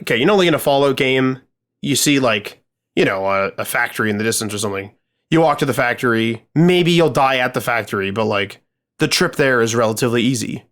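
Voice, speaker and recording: A man co-hosting a podcast tells a gaming story casually, rambling with many fillers and swearing freely. His voice has medium pitch and a fairly bright tone.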